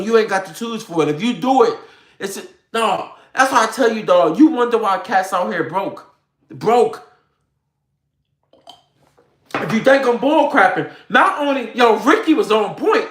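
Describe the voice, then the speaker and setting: Man doing a fired-up, profane rant straight to his viewers. Bright, edgy voice in a roomy, echoey space. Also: high-pitched, moderate pace. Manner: animated, profane, slangy, addresses viewers directly. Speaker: online commentator. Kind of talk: ranting talk to viewers. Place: home room with a computer. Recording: roomy echo.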